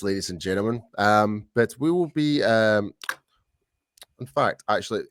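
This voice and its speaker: A man from the UK with a low voice chats through a sports podcast, looping back and restarting his sentences as he goes. The recording sounds dry and close. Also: unhurried, fairly bright tone, clean tone, no room sound. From United Kingdom. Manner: rambling, many restarts and fillers. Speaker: podcast co-host. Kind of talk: casual sports podcast chat.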